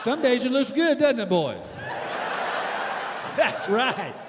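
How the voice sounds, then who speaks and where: A man's voice: very high voice, big pitch swings, takes it slowly, noisy background. Stand-up comic, man, middle-aged, folksy storyteller who plays every part of the argument; live theater sound, faint ambience. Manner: folksy storytelling, acts out both sides of arguments. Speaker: stand-up comedian. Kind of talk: stand-up comedy routine. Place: theater stage with audience. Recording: live theater with hall reverb.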